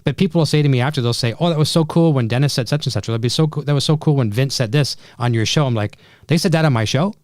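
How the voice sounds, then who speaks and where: A man hosts a casual chat show, speaking quickly and chiming in with agreement. His voice sounds dry and close to the mic. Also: medium pitch, darkish tone, no echo. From Canada. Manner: quick, chatty, affirming with frequent yeahs. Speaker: podcast host.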